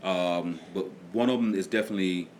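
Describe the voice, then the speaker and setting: A man's voice: low voice, a little fast, slight background noise. A middle-aged man hosting a casual livestream, chatting in a laid-back way and reading out viewers' comments. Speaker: livestream host and music producer.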